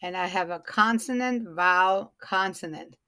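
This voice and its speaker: A woman teaching a phonics lesson to young students, saying each word slowly and repeating it so they can hear the sounds. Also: medium pitch, bright, forceful tone, clear, resonant tone, no room sound, clean studio sound. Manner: slow, deliberate, stretches and repeats words.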